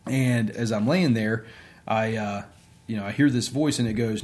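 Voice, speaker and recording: A man's voice: lowish voice, moderate pace, darkish tone. A man, an interview guest and sports coach, telling a personal story in a casual, conversational way with many fillers.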